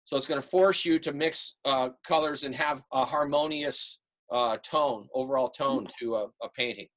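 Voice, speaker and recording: A man teaching an online art class over a video call, relaxed and rambling with many fillers. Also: mid-range voice, normal speed. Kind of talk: online class lecture and critique.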